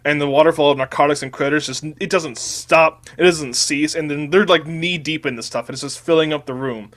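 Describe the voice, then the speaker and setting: A man's voice: on the high side, fairly quick, fairly bright tone. A man, a podcast host, casually reading out a crude comedic fanfiction, rambling and restarting words.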